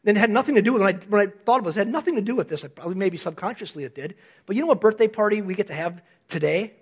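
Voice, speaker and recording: A man's voice: sits high, racing, husky. An older man, a grandfather, giving a conversational sermon, telling a story and putting rhetorical questions to his congregation. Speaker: pastor.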